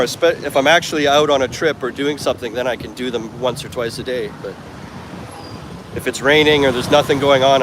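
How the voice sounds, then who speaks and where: Chatty man vlogging on a busy street. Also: mid-range voice. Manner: rambling, chatty, self-correcting asides. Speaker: travel vlogger. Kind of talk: casual walking vlog. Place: busy city street market outdoors. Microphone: handheld phone. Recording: street noise behind the voice. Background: traffic and street noise.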